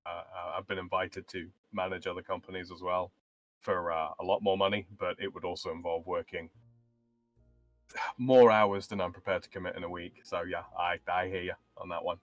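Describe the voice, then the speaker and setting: A man with a low voice talks calmly on a live stream. He chooses his words slowly, with small hesitations. Faint music plays underneath. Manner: measured, thoughtful, a bit hesitant. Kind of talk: casual live-stream chat.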